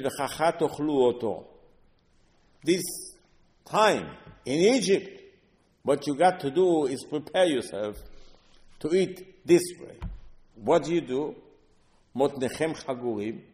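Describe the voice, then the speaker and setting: Rabbi lecturing in a reverberant hall. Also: male voice, on the high side. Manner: animated storytelling, acting out voices of sages. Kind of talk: Torah lecture.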